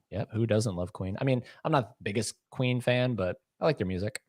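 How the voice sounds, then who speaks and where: A man's voice: medium pitch, normal speed, a little mellow, dry recording, studio quality. A man in his thirties co-hosting a casual livestream, reading chat comments aloud and teasing with a rambling, joking manner. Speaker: podcast co-host.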